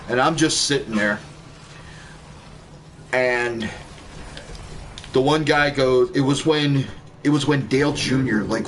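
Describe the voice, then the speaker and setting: Slow, laid-back man telling a story. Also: mid-range voice, a bit bright, slight background noise. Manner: laid-back, rambling, swears freely. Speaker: gaming streamer. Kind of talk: casual storytelling while playing.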